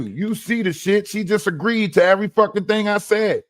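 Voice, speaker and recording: A man's voice: high voice, normal speed, no room sound. A man hosting a livestream, ranting in a mocking, profane way and repeating lines for emphasis. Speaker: livestream host. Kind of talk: heated livestream rant.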